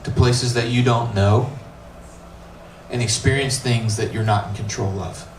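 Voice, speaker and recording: A man preaching a youth sermon, a middle school pastor who retells the story in a lively, casual way and acts out the characters' lines. His voice sits at an average pitch and is heard from some distance in an echoey room. A faint ambience runs behind him. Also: a little slow, slight background noise. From United States. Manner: animated storytelling, acting out dialogue with casual asides.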